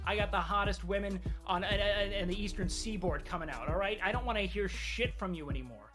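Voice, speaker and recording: A man's voice: high-pitched, fairly quick, music in the background, natural voice. A man playing a smug, sleazy rich sports caster who brags and rattles off sponsor patter in a comedic role-play. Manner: brash, boastful, salesman patter.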